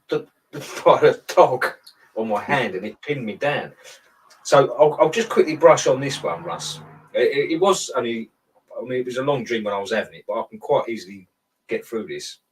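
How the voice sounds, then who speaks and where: A man's voice: medium pitch, expressive, moderate pace, pauses often, distant mic, poor audio. Rambling man, off-mic. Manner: rambling storyteller, self-interrupting. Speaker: guest telling a dream. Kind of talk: casual chat.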